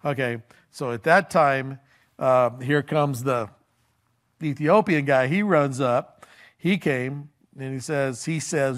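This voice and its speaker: Taking it slowly in a medium-pitched voice, a male pastor preaches like he's having a conversation. He retells a story in everyday terms with plenty of fillers and restarts, giving voice to the quoted lines.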